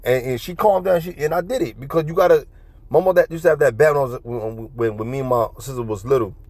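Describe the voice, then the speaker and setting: Brief: New guy ranting casually, mid pitch, profane, repetitive storytelling. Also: fast, darkish tone, no echo. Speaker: vlogger. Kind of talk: casual rambling monologue.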